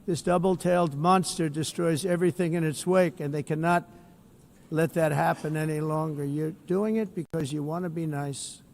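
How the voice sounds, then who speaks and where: A man's voice: fairly high pitch, steady tone, moderate pace, creaky, a little mellow. A man giving a formal speech to an assembly as head of state, blunt and boastful, repeating himself with rambling asides from a podium mic in a large hall.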